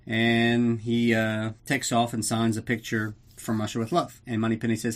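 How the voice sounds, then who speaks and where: A man's voice: medium pitch, little pitch movement. A man hosting a podcast, recapping a movie in a loose, profane, joking way. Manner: profane, jokey, does quick voices for characters. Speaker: podcast host. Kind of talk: casual comedic movie recap.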